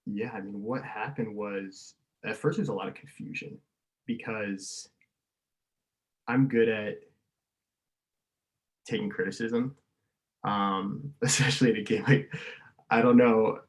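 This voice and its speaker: A young man with a fairly low voice tells a story on a casual podcast. He laughs often and gets loud when he acts out what other people said. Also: fairly even intonation, a little slow, long pauses, low-quality recording. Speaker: podcast guest.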